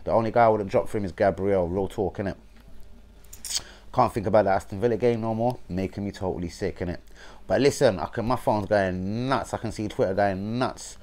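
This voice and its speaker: Brief: young London man, lowish voice, fan-channel host, blunt sweary livestream rant, heavy slang. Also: brisk, a little mellow. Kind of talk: casual football rant livestream.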